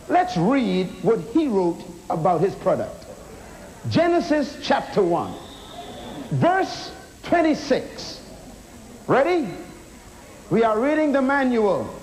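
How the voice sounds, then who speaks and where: Man preaching, slow and deliberate, emphatic, rhetorical questions, rallying the crowd, faint hum behind. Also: very high-pitched, a little mellow, rough recording. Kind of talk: sermon. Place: auditorium.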